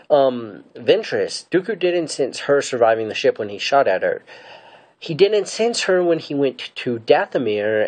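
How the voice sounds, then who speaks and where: A man's voice: medium pitch, darkish tone. A man casually recapping and giving opinions on episodes of a show, rambling and hesitant with many fillers and restarts. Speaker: fan reviewer.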